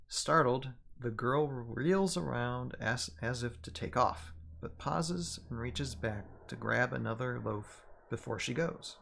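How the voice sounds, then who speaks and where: Gravelly man hosting a podcast. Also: medium pitch, fairly bright tone, slight background noise. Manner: halting, many fillers and restarts when chatting. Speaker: podcast host. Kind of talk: story reading and casual chat.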